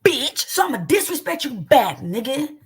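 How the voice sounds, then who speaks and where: A woman co-hosting a livestream panel, talking in a loud, confrontational way with big pitch swings. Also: very animated, normal speed, slightly rough. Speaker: co-host. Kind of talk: heated livestream commentary.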